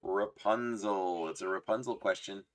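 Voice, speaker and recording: A man's voice: low voice, unhurried. A man hosting a casual trivia livestream, playful, laughing often and reading chat aloud. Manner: fond of doing voices. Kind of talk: casual live-stream chat.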